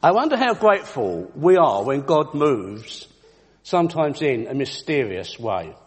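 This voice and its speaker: A man's voice: medium pitch, big pitch swings, unhurried, breathy edge. A man giving a Christian devotional talk, telling anecdotes in an earnest storytelling way, with a long echoey reverb on the recording. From United Kingdom. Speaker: Christian speaker.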